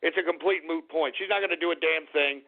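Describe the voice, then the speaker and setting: A man's voice: on the high side, quick pace. A man hosting a political talk radio show, ranting in a blunt, profane, scornful way. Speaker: radio host. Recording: phone-like lo-fi radio.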